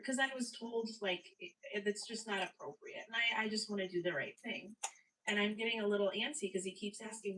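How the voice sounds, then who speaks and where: Young woman with a stuffy nose, animated casual storyteller, voice sitting away from the mic. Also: mid-range voice, a little fast, recorded from a distance, background noise. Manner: chatty, animated, swearing. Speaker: guest telling a story. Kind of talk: casual live-stream storytelling.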